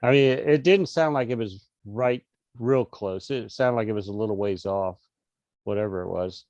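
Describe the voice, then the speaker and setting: A man's voice: lowish voice, moderate pace, darkish tone, dry recording, lo-fi sound. A middle-aged man, an interview guest, telling a casual story over a video call with lots of restarts and fillers. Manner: rambling, many restarts and fillers.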